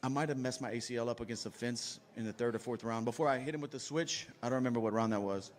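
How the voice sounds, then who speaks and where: Measured fighter recapping a bout. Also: male voice, mid-range voice. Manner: measured, reflective breakdown of the fight. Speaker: fighter at a post-fight press conference. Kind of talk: press-conference answers.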